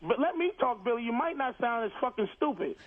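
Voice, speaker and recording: A man's voice: extremely high pitch, lively intonation, quick pace, a crowd in the background. A comedian calling in to a radio show, insistently retelling his side of a story and cutting in. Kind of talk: heated radio argument. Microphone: phone line. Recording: telephone call on the radio.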